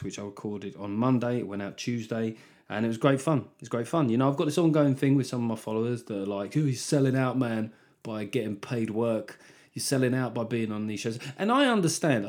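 A man's voice: lowish voice, darkish tone. Rambling, sweary male comedian. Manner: rambling, heavily sweary, self-interrupting. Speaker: comedian and podcast host. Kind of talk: casual comic monologue.

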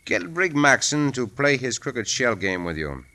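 Cisco Kid, a courtly Spanish-accented hero. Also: male voice, mid-range voice, big pitch swings, sharp tone. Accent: Spanish-accented English. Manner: courtly, measured. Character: dashing Mexican caballero hero, calm and polite. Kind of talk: 1940s radio acting.

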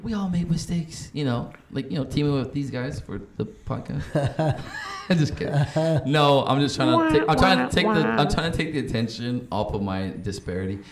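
Podcast co-host, man in his forties, lively and profane, echoey room. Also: medium pitch, moderate pace. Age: 40s. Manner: animated and profane, acting out quoted voices. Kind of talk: casual chat. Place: live venue. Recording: echoey room with faint noise.

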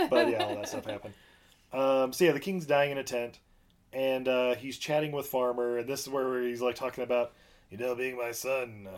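A young man casually recapping a movie for a podcast, joking and laughing, slipping into quick character voices. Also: mid-range voice.

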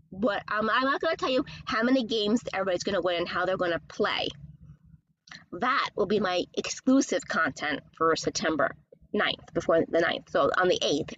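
A woman hosting her own podcast, chatting casually and rambling from topic to topic, gushing when she gets excited. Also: medium pitch, dull audio. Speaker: podcast host. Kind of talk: casual solo chat.

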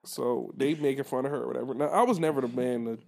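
A young man co-hosting a podcast, telling a story in casual chat, animated and laughing as he acts out the people in it. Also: medium pitch, quick pace, creaky, a crowd in the background. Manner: animated, laughing, acts out voices in his stories. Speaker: podcast co-host.

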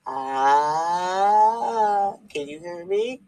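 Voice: mid-range voice, drawn-out words, darkish tone, low-quality recording. An online preacher giving a blunt, scolding sermon to the camera, hammering points home with repetition and rhetorical questions. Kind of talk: preaching video.

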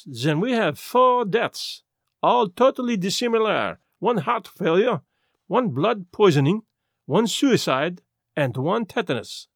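A fussy Belgian detective, as voiced by a man in an audiobook, with a high voice that rises and falls a lot. He speaks slowly and deliberately, and the recording is dry and close. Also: big pitch swings, breathy edge, no room sound, heavily acted. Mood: probing. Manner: measured, deliberate questioning. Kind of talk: audiobook character voice.

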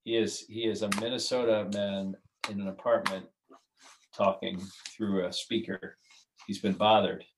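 A man's voice: lowish voice, little pitch movement, a little slow, slight background noise, poor audio. A man who is a writer and creator, talking as a podcast guest in a casual, rambling way with many restarts. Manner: rambling, restarts, laughs at his own jokes.

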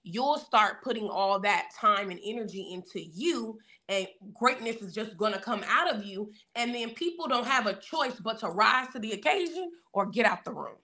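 A woman hosts a casual podcast at a middle pitch, speaking in a warmly encouraging, motivational way. She talks about self-worth with conviction and teases her co-host playfully. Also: animated, normal speed, few pauses. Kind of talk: casual chat.

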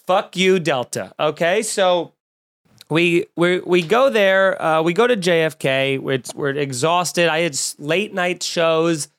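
A man's voice: a little high, slow, fairly bright tone, clean tone. A young man hosting a podcast, chatting casually and telling stories in a rambling, joking way. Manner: rambling, jokey storyteller with many restarts. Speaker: podcast host and comedian. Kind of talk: casual chat.

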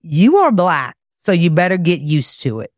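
A woman's voice: lowish voice, big pitch swings, moderate pace, dry recording, studio quality. A woman voicing her older brother as a boy, blunt and matter-of-fact as he warns her. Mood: blunt warning.

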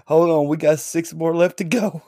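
A man's voice: a little high, fairly even intonation, normal speed, warm tone. A man co-hosting a casual comedy podcast, bantering and laughing often. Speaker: podcast co-host.

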